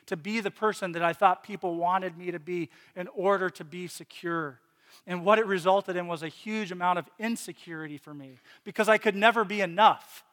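A man's voice: high voice, fairly bright tone, big-room sound. A man from Virginia preaching a personal sermon as a pastor, earnest, with restarts and repeated phrases. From Virginia, USA.

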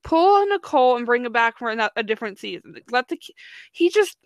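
A woman's voice: on the high side, sing-song, no room sound. Chatty young woman, dry close sound. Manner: chatty, filler-heavy, quick restarts. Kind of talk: casual chat.

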